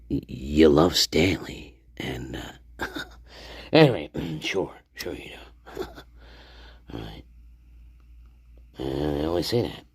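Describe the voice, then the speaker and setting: A man's voice: rumbling low, expressive, takes it slowly, vocal fry, pauses often, slightly rough, no echo, clean studio sound. Giggly, rambling male streamer. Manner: giggly, profane, repeats phrases; drops to whispers at times. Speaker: livestream host. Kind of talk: rambling livestream monologue.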